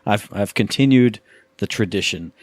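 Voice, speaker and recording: A man's voice: fairly low pitch, normal speed, no room sound, clean studio sound. A man hosting a casual podcast, joking and telling stories. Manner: joking storyteller. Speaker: podcast host. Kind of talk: casual chat.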